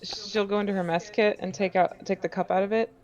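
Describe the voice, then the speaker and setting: A woman's voice: mid-range voice, steady tone, fairly quick, highs cut off, heavy background noise. A woman player describing her character's actions in a tabletop game, in a hesitant way with many fillers.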